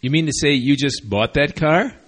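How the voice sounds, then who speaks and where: Skeptical reporter, voiced by a husky man. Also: on the high side, moderate pace, a bit bright. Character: puzzled questioning news reporter.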